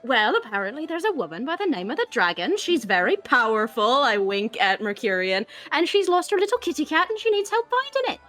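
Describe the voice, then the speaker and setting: A woman's voice: high-pitched, brisk, hardly any pauses, soft background music. A woman playing a tabletop game, laughing often as she talks. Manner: giggly, lively. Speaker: player.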